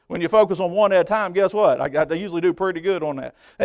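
A pastor preaching from the pulpit, his high voice climbing into loud emphatic bursts. Between them he drops into quieter, chatty asides. A gravelly edge runs through it all. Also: quick pace, no echo. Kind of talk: sermon. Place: church pulpit.

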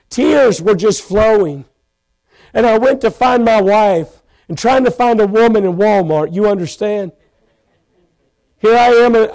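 A man preaching a sermon from a church pulpit, telling his own story with passion, breaking into shouts and slowing down to stress his points. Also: high voice, rough recording. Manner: impassioned, bursts into shouts, slows for emphasis. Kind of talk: sermon testimony. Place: church pulpit, live stream.

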